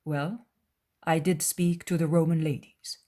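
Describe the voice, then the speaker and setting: A calm, wise male teacher, voiced by a woman reading a dramatized audiobook. He speaks in a measured, earnest and gentle way. The voice stays low and unhurried.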